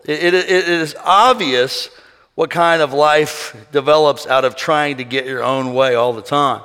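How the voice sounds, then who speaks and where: A man preaching a sermon as pastor, swinging between quiet passages and shouted calls for praise. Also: a little high, a little slow, clear, resonant tone. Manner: preaching with shouted call-and-response bursts and acted quotes. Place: church sanctuary. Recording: reverberant hall with congregation.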